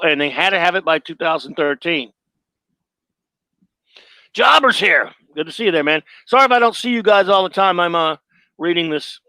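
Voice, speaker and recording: Brief: male stream host, high voice, rambling sarcastic commentary. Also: fairly bright tone, no room sound, low-quality recording. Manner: sarcastic, rambling, self-mocking. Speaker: host reading his own film review. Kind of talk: live stream commentary reading.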